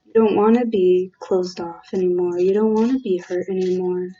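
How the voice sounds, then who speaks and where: A woman's voice: on the low side, fairly even intonation, normal speed, warm tone, muffled recording. A woman giving a casual, heartfelt tarot reading, earnest and emotional, talking with many fillers and restarts. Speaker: tarot reader.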